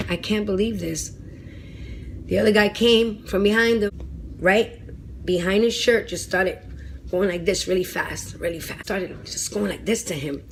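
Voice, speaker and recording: Animated woman telling a dramatic story. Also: on the low side, gravelly, slight background noise. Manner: animated, dramatic retelling with lots of "like"; blunt, swears freely. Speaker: storytime vlogger. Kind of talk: casual storytelling.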